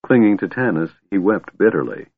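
A man narrates a fantasy story in a low, expressive voice with lively pitch movement. The recording is dry, thin and narrow, like a phone line. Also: a little fast, slightly rough. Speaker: audiobook narrator.

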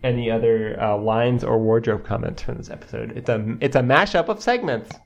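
A man's voice: medium pitch, fairly quick, gravelly, dull audio. A young man co-hosting a podcast, talking in a rambling way with many fillers and frequent laughs. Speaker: podcast co-host. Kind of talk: casual chat.

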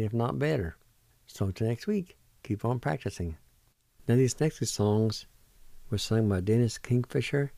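A man hosting a radio language lesson. He spells words letter by letter and says them again slowly, one syllable at a time, in a patient, deliberate way. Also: mid-range voice, warm tone, no echo. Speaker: radio host teaching vocabulary.

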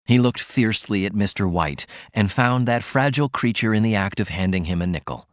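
A male audiobook narrator reads a classic novel with a low, steady voice. His delivery is measured and even, and the recording is very dry and close, with no room sound at all. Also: dry recording.

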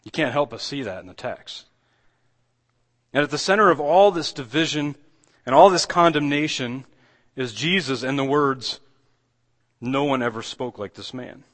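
A male pastor preaching in an easy, conversational manner. He often stops and restarts his sentences, then lifts his voice with emphasis when he drives a point home. His voice sits at a medium pitch for a man. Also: normal speed, long pauses, a bit bright. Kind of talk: sermon.

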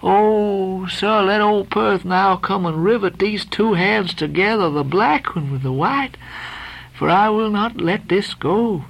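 A woman's voice: mid-range voice, slow pace, creaky. A woman voicing a young, crazed ship's boy who rambles and calls out in a sing-song way. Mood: tender wondering.

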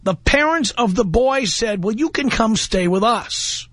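A man's voice: sits high, expressive, a little slow, a bit bright, no room sound. A man from New York hosting a call-in radio show, needling and condescending toward callers. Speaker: radio talk show host. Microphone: studio broadcast mic.

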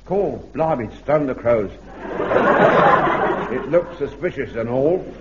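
An actor playing a polite, genteel army sergeant in a radio sitcom. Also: male voice, medium pitch, expressive, slow, over a noisy crowd. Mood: mock Cockney. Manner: mild, courteous. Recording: muffled old radio recording with loud hiss.

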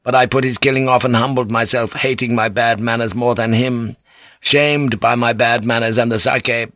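A male reader voicing a proud, brooding samurai husband who speaks in a stern, measured way. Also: mid-range voice, steady tone, fairly bright tone, no room sound, lightly acted.

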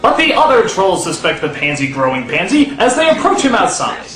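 Sarcastic shouty man reviewing a film. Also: high-pitched, wildly swooping pitch, a little fast, reverberant, over music. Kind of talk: comedic rant review.

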